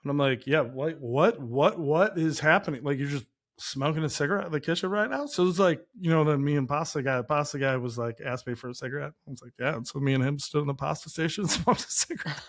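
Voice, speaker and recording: A man co-hosting a chat show, telling a long story in a loose, animated way with lots of filler words. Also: a little high, fast. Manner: animated, rambling, heavy use of "like". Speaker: podcast co-host, chef.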